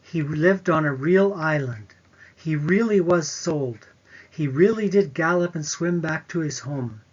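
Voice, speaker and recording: A man, the author, reading a short afterword in a plain, measured way. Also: fairly high pitch, husky. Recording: dull, lo-fi recording.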